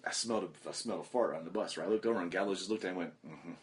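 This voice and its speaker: A man hosting a casual podcast, telling profane, animated stories and putting on loud voices for the people in them. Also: low voice, racing. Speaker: podcast host. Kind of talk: casual chat.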